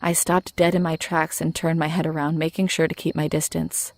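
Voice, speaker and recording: A woman narrating a true horror story in a steady, scripted storytelling voice. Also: low voice, a little fast, hardly any pauses.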